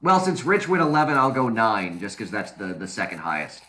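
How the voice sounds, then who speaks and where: A man's voice: on the low side, sing-song, fairly quick, bright, forceful tone. A man competing in a casual podcast quiz, chatty and thinking aloud with lots of restarts. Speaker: quiz contestant, co-host.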